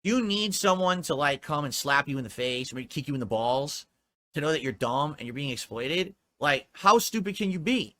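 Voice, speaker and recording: A man's voice: a little high, expressive, moderate pace, fairly bright tone. A man in a clip played during a reaction video, lecturing in a scornful rant.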